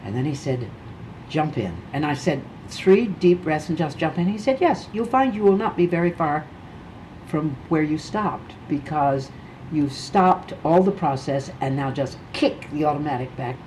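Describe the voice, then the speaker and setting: An elderly actress in her eighties recounts a theater memory, her voice sitting low for a woman. She slips into the voices of the people in her story. There is a faint hum underneath. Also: animated, normal speed, darkish tone, low-quality recording. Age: 80s. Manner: vivid, acts out dialogue. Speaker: veteran stage actress. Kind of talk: interview storytelling.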